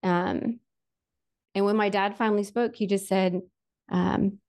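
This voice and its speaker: A woman's voice: mid-range voice, unhurried, a little mellow. A woman sharing a personal faith story in a candid, chatty way, full of fillers like "like" and "um", earnest and emotional with touches of self-deprecating humor.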